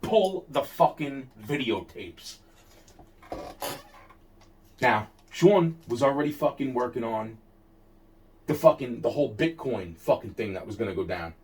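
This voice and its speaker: A man's voice: mid-range voice, expressive, unhurried, pauses often. Heated, profane man ranting. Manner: heated, profane, repeats himself and restarts often. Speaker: interviewee telling a personal story. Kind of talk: casual storytelling rant. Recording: distant mic.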